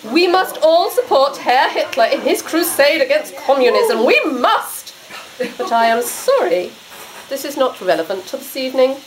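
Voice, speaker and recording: A woman's voice: high voice, very animated, moderate pace, background noise. Woman playing a haughty exiled countess. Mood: indignant. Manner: grand, theatrical, dramatic outbursts. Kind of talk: amateur murder-mystery party role-play.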